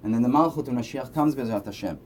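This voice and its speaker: Guy teaching torah, mellow voice, chatty, keeps saying right?, faint hiss behind. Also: medium pitch, fast. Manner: conversational, frequent "right?" asides. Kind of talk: Torah lesson. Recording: faint background noise.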